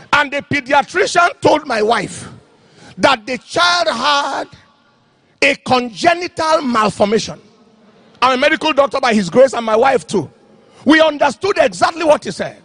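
Guy preaching hard, husky voice, pitch jumping all over. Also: big pitch swings, normal speed, dry recording. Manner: impassioned preaching, shouting and chanting phrases. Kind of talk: sermon.

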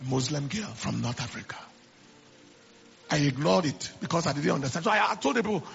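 High, gravelly-voiced male preacher. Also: expressive, brisk, fairly bright tone, soft background music. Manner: preaching with repeated phrases and stammered restarts. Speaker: pastor. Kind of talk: sermon. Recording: slightly dull lo-fi sound.

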